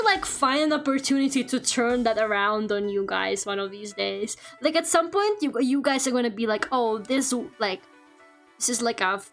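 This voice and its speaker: A woman's voice: sits high, a bit bright. A woman chatting casually on her livestream, laughing often and swearing freely. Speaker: streamer.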